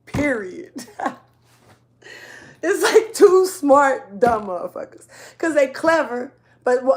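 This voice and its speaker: A woman reading tarot speaks in a somewhat high, slightly allergy-raspy voice during a laid-back spiritual reading. She talks casually, peppering in slang and frequently leaving thoughts unfinished.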